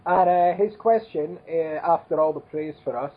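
A man's voice: fairly high pitch, normal speed, husky, phone-quality sound. A man co-hosting a podcast, joking around in an easygoing, casual way. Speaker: podcast co-host. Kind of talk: casual chat.

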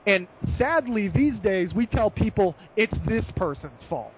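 A young American man telling a long story in a casual podcast chat, rambling and animated, with many fillers and restarts. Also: sits high, measured pace, muffled recording, slight background noise. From United States. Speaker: guest.

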